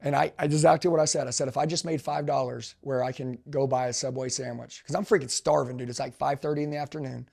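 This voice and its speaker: A middle-aged man, a sales trainer, telling his story in an intense, emphatic motivational way that swings between loud pushes and low asides. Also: fairly even intonation, quick pace, creaky, hardly any pauses.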